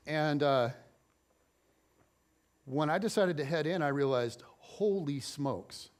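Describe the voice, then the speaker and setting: A middle-aged man preaching as a pastor, telling a story and acting out the voices in it. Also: on the high side. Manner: animated storyteller, acts out quotes. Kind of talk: sermon storytelling.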